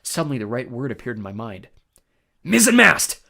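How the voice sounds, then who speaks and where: A man giving expressive first-person storybook narration. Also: medium pitch, quick pace.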